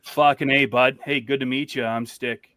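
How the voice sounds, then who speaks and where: A man's voice: medium pitch, fairly even intonation, moderate pace, pushed and bright. A man from British Columbia, calling in to a casual chat, swearing constantly and telling loose stories. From British Columbia, Canada. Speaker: guest calling in.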